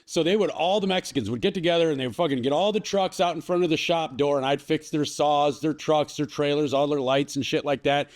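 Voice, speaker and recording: A man's voice: on the high side, fairly quick, hardly any pauses. A man guesting on a podcast, telling long rambling stories full of swearing and laughter. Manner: rambling, profane storyteller who laughs often. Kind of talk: casual podcast chat.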